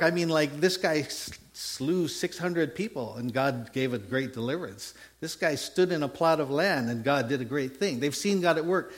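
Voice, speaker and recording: A man's voice: on the high side, normal speed, few pauses. A man preaching a sermon, telling a Bible story in a folksy way, acting out the dialogue and checking in with his listeners. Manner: animated storytelling, acts out biblical dialogue; folksy asides and repeated "okay?". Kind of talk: sermon with slides.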